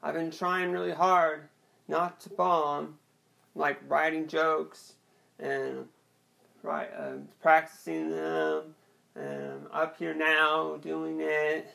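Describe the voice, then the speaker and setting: A young man performing an awkward, rambling stand-up set with a hesitant, deadpan delivery and many restarts. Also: a little high, slow pace, vocal fry. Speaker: stand-up comedian.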